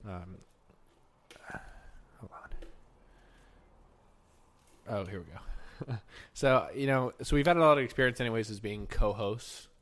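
A man's voice: fairly low pitch, a little slow, pauses often, a bit bright. Joking young man hosting a casual podcast. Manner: joking, rambling, playful teasing. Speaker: podcast co-host. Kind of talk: casual chat. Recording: faint background noise.

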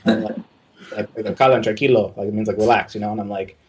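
Speaking quickly in a lowish voice with a little hiss or hum, a young man tells a casual story about his work abroad. He's an artist, and he's lively about it, swearing freely and acting out what people said.

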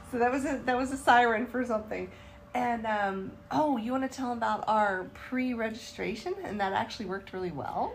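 A woman's voice: a little high, a little fast, a little hiss or hum. A woman from North Carolina, co-hosting a casual podcast and telling a travel story with lots of laughter and acted-out quotes. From Charlotte, North Carolina, USA. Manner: animated storyteller, acts out quotes, laughs often. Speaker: podcast co-host. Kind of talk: casual travel recap chat.

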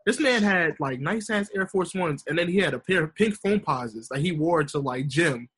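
A man's voice: a little high, moderate pace, slightly rough. A young man chatting casually, telling stories and acting out other people's voices. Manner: animated storyteller, acts out voices. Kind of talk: casual chat.

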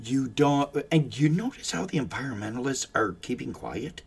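Husky man, unhurried sarcastic rant, swings his pitch widely for mockery. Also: lively intonation. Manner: sarcastic, mocking. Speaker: commentator. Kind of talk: ranting political commentary.

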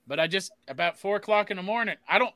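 Male co-host, very bright, sharp voice, rowdy and profane, dry sound. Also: high voice, expressive, quick pace, dry recording. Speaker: podcast co-host. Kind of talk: casual chat.

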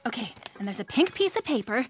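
A woman's voice: on the high side, very animated, fast talker, a little hiss or hum. A woman contestant talking in a giddy, rambling way. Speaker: game contestant. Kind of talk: casual improv chat.

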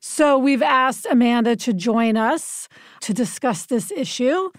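A woman's voice: a little high, expressive, a little slow, dry recording, studio quality. A woman co-hosting a podcast in casual chat, with a scratchy, weak voice and an eager, agreeable manner. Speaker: podcast co-host.

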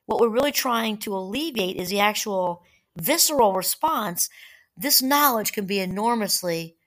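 A woman hosting a solo talk, speaking gently and conversationally, reading quotes aloud now and then. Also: mid-range voice, expressive, moderate pace. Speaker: podcast host. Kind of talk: reflective solo talk on fear and mindfulness.

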